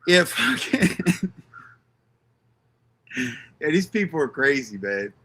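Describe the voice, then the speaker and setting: A man's voice: a little high, sing-song, drawn-out words, sharp tone. A man hosting a live stream, ranting casually, swearing constantly and reading out names from the chat.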